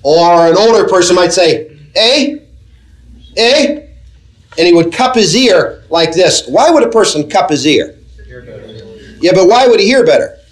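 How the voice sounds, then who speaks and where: A man preaching a sermon to a congregation, earnest and measured, asking them questions as he teaches. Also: high voice, expressive, low-quality recording. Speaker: pastor.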